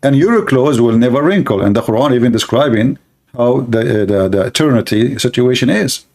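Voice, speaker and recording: Man, sarcastic commentary, mid-pitched voice, laughs at his own jokes. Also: a little mellow. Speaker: religious debate commentator. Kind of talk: mocking commentary.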